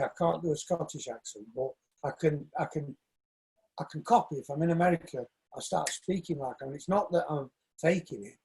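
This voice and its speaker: A man in his sixties speaks with a husky, gravelly voice that sits a little high. He tells animated stories in a casual interview and acts out other people's lines as he goes. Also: rough recording. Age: 60s. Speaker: shoemaker and dance coach.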